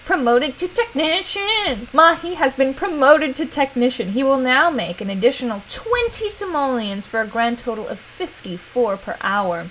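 A woman's voice: high-pitched, lively intonation, normal speed, hardly any pauses, a bit bright, a little hiss or hum, low-quality recording. A woman hosting a casual let's play, animatedly talking to her game character and reading game text aloud.

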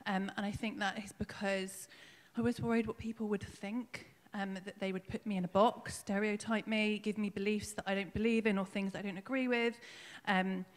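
A woman's voice: medium pitch, flat delivery, moderate pace, few pauses, big-room sound. A woman nervously and emotionally telling her personal faith story at a church service, with many ums. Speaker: congregation member giving a baptism testimony. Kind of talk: spoken personal testimony in church. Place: church hall.

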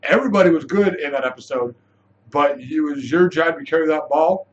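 A man giving a casual, animated spoken review of a TV episode, chatty, with frequent restarts. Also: on the high side, brisk, muffled recording.

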